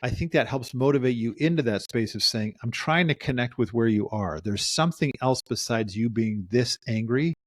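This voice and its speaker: A man's voice: mid-range voice, lively intonation, normal speed, hardly any pauses, no echo. Reflective man, dry close sound. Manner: reflective, acts out quoted lines. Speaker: therapist podcast co-host. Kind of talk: casual podcast discussion.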